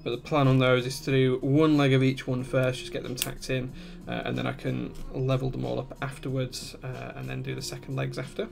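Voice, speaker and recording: Gravelly man explaining a build. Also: medium pitch, monotone, brisk, hardly any pauses, over music. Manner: methodical step-by-step explaining, reading chat aloud. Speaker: keyboard-building live streamer. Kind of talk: live-stream build tutorial with chat replies.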